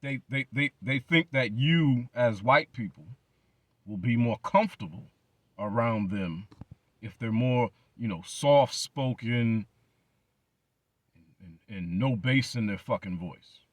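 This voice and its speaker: A man hosting his own channel, ranting bluntly and swearing hard, repeating words for emphasis. His voice sits at an ordinary middle pitch, and the sound is dry and close to the mic. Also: slow pace, no echo. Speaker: channel host. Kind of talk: profane commentary rant.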